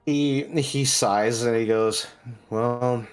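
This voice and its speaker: A man playing a tabletop game, narrating his character's actions in a laid-back, halting way. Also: medium pitch, faint music behind. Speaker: tabletop player. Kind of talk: casual role-play narration.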